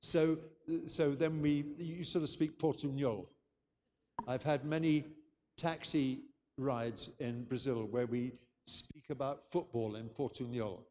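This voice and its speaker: A man's voice: mid-range voice, steady tone, slow, darkish tone, in a large hall, slight background noise. An older man from England, giving a chatty, anecdotal conference lecture. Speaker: keynote speaker.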